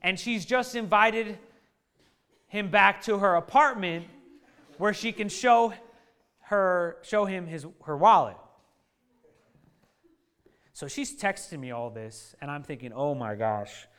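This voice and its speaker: High, bright-voiced man telling a funny story. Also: slow pace, long pauses, clear, resonant tone. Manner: lively and joking, laughs through his own lines. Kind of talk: animated anecdote to a live audience.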